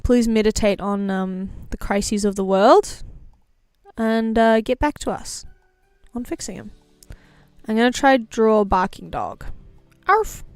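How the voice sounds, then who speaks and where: Slow, playful young woman streamer. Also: fairly high pitch, clean tone, no room sound, clean studio sound. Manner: playful and giggly, drifting into quiet mumbled asides. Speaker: livestreamer. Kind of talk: casual stream chat.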